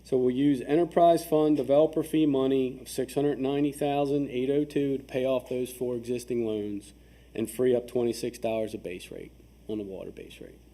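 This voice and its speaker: A man's voice: mid-range voice, fairly even intonation, moderate pace, mellow. A man presenting town finances at a public work session, methodical and checking in often, with some restarts while reading numbers. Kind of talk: explaining budget figures at a public work session. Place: town meeting room.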